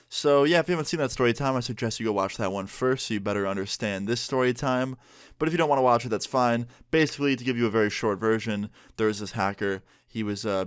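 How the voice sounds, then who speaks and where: A young man vlogging, chatty and animated as he retells a story time with plenty of fillers. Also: lowish voice, smooth, no room sound, clean studio sound.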